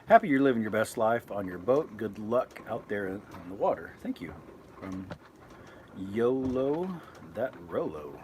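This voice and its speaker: A man's voice: lowish voice, lively intonation, measured pace, a little mellow, a little hiss or hum. A man reading out viewers' comments and chatting loosely on a live stream from inside his boat, rambling and correcting himself as he goes. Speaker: vlogger reading live chat. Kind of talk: casual live-stream chat.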